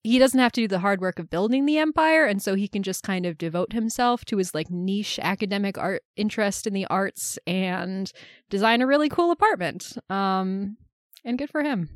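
A woman co-hosting a podcast, retelling movie scenes in a casual, animated way and laughing often. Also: mid-range voice, moderate pace, dry recording, studio quality. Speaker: podcast co-host. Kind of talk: casual film discussion.

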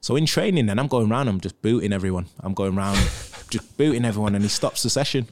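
Very deep-voiced man telling stories. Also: quick pace. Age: 30s. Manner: animated anecdotes, acting out what others said. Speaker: podcast guest, former footballer. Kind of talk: casual storytelling.

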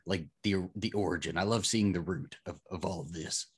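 A young man with a husky, fairly low voice in a relaxed podcast chat. He talks hesitantly, restarts his phrases and laughs often. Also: a little fast. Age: young adult. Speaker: podcast guest. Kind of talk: casual chat.

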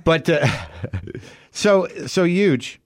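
A man hosting a podcast, telling a story in a casual, animated way, acting out other people's lines and swearing as he goes. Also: on the high side, drawn-out words, no echo, clean studio sound. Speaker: podcast host.

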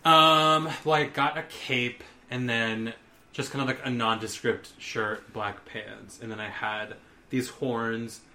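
A man's voice: medium pitch, fairly even intonation, takes it slowly, pushed and bright. Joking man in a roomy studio. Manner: joking, laughs easily. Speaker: podcast co-host. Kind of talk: casual studio chat.

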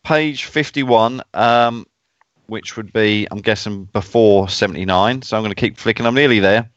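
A man's voice: on the low side, normal speed, a bit bright, dry recording, highs cut off. A man co-hosting a casual football history podcast, chatty and reading from old club handbooks. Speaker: podcast co-host.

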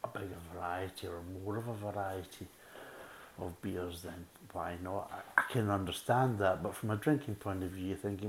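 A man's voice: low-pitched, steady tone, moderate pace, a bit bright, rough recording. A man reviewing beer in a casual, blunt, rambling way, repeating himself often. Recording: faint background hiss.

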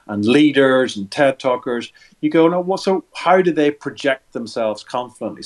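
A middle-aged man, a body language expert, answering interview questions in an instructive way, walking the listener through hand gestures step by step and repeating words as he restarts sentences. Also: a little high.

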